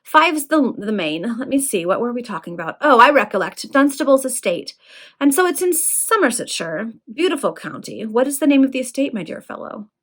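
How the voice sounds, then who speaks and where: A woman reading the part of an ironic young gentleman who talks in a smooth, quietly mocking way. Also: on the high side, big pitch swings, brisk, voice pushed up. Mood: polite irony.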